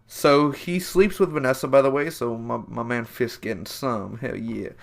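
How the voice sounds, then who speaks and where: A man in his twenties talks through a TV episode in a casual, rambling review full of fillers and self-corrections. His medium-pitched voice is creaky, with fairly even intonation and a moderate pace. He sounds enthusiastic and calls his viewers "man" and "guys."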